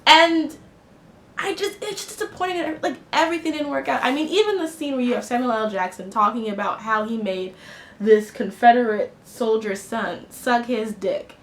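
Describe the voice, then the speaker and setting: A woman's voice: on the high side, normal speed. A woman giving an impassioned, blunt film review, talking indignantly in a casual, opinionated way. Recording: echoey room with faint noise.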